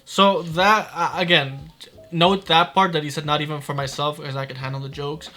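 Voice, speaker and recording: A man doing casual reaction commentary, blunt and swearing often, talking in quick bursts. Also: fairly high pitch, fairly even intonation, bright, forceful tone, soft background music. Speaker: commentary youtuber.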